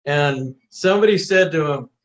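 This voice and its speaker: A man, a singer-songwriter guest, telling animated anecdotes in a casual interview. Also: on the high side, moderate pace, low-quality recording. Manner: animated anecdotes, acts out quotes.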